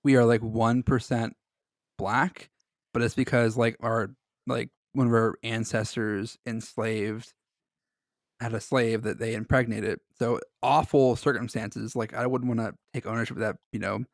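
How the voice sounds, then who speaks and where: A man's voice: mid-range voice, flat delivery, measured pace, no room sound, clean studio sound. A man co-hosting a podcast, chatting casually with a joking, rambling manner and reading a story aloud. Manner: joking, rambling, laughs often. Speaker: podcast co-host.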